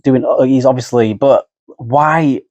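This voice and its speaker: A man's voice: mid-range voice, fairly even intonation, unhurried, a little mellow, dry recording, highs cut off. A man co-hosting a podcast, chatting casually and adding wry, sardonic asides. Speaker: podcast co-host. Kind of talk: casual chat.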